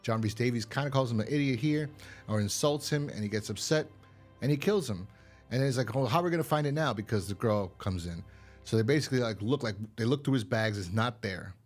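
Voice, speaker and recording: This co-host of a horror podcast recaps an episode briskly in a mid-range, darkish voice, rambling casually and swearing now and then with many fillers. Soft music plays behind him.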